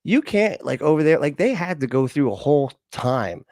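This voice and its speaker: A man's voice: on the high side, sing-song, moderate pace, darkish tone, dry recording, studio quality. A man in casual livestream chat, rambling and profane, packed with "like" and "you know". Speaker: livestream co-host.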